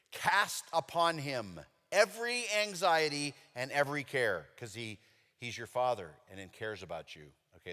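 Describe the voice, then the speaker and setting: A middle-aged male pastor preaching a sermon in a chatty storytelling way, with sudden animated outbursts. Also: medium pitch. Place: church sanctuary. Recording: long reverb of a church hall.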